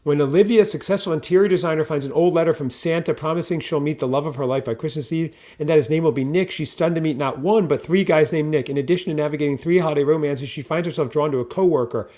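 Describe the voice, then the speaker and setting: A man's voice: a little high, fast talker, few pauses, mellow. A man co-hosting a casual podcast, chatty and talkative, reading film blurbs aloud. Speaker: podcast co-host. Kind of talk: casual chat.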